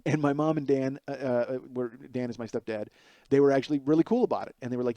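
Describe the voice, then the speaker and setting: A man in his forties tells a comic story on his own podcast, rambling and swearing freely as he pokes fun at himself. His voice sits at a mid pitch. He speaks into a headset mic, and the sound is dry and close, with no room echo. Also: fast, mellow. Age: 40s. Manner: rambling, profane, self-deprecating. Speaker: comedian podcast host.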